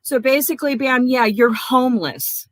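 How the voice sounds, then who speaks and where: High-voiced and moderately paced, this livestream host unleashes a furious, profane rant, calling out viewers one by one by name. Dry recording.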